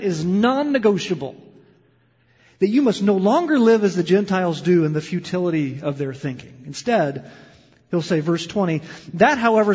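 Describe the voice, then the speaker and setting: A male pastor preaching a sermon, moving between loud, impassioned emphasis and quiet, hushed storytelling. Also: high-pitched, husky. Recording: lo-fi sound with long hall reverb.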